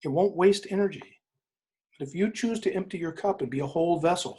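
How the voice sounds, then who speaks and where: A man, an interview guest, retelling a story in an emphatic, animated way, often repeating phrases for weight. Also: high-pitched, fairly quick. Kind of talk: inspirational storytelling in conversation.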